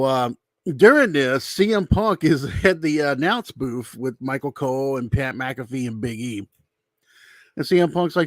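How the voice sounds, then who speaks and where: A man's voice: mid-range voice, dry recording, clean studio sound. A man giving a casual, rambling spoken recap with his opinions, acting out quotes as he tells them. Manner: loose, rambling retelling, acts out quotes. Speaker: YouTube commentator.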